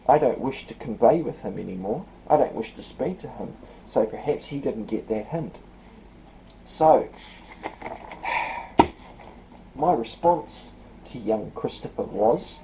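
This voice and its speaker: A man with a very deep, mellow tone reads letters aloud and mocks them. His delivery is sarcastic and scornful, with a faint hiss of noise underneath. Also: lively intonation, a little slow, rough recording. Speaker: video creator. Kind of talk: reading letters aloud with commentary.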